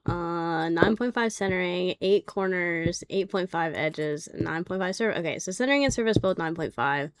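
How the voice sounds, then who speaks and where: A young adult woman livestreams herself revealing graded trading cards, chatting casually and bluntly with lots of swearing and easy laughter. Her voice is on the low side, clear and resonant, moving at a moderate pace with few pauses in a dry recording.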